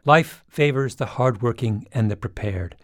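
A man's voice: medium pitch, moderate pace, no room sound, studio quality. A man hosting a podcast in wry, emphatic scripted narration. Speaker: podcast host.

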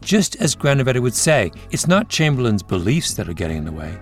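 A male podcast host narrating a scripted story in a measured way, with interview clips in between. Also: medium pitch, very animated, faint music behind.

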